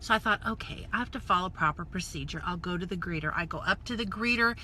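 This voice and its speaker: A woman from the United States telling a story in a casual, animated live stream, acting out voices and dropping into whispered asides. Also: on the low side, quick pace, a little hiss or hum. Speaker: network marketing coach. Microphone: phone or webcam live stream.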